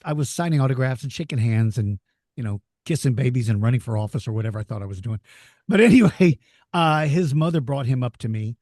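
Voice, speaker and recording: A joyous, animated man spins stories for an interviewer, his voice sitting a little high for a man. The sound is dry and close, with no room around it, and he slips into excited kid voices as he tells them. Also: no echo. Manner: animated storyteller, laughs easily, voices excited kids. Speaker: interview guest, dinosaur educator. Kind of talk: storytelling in a casual interview.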